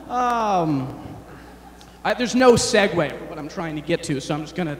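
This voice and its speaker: A young man performing a rambling, self-deprecating stand-up set, halting often with fillers. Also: a little high, animated, echoey room, in a large hall. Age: young adult. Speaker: stand-up comedian. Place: large chapel hall on stage.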